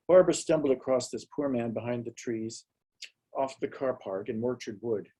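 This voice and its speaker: A man's voice: mid-range voice, dark tone, breathy edge, poor audio. Man giving a wry live reading. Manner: measured, dryly wry storytelling. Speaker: author reading his fiction. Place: small hall at a live reading event.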